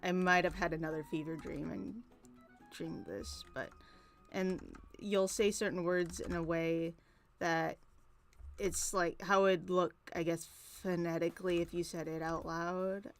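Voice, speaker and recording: A woman's voice: lowish voice, fairly even intonation, measured pace. Rambling young woman venting while drawing. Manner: rambling, venting, swears freely. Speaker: art streamer. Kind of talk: casual chat while drawing. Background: soft background music.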